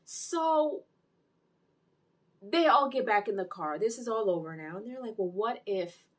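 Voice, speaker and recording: Lively woman recapping a TV episode. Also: a little high, a little slow. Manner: animated storytelling with exclamations. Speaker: TV series reviewer. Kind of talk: casual episode recap and review.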